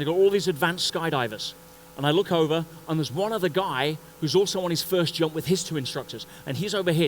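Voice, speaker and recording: A man giving a motivational talk at a conference, telling a story in an animated way and acting out the scenes. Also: on the high side, slight background noise, low-quality recording. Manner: animated, acts out scenes and voices. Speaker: conference speaker. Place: conference stage before an audience.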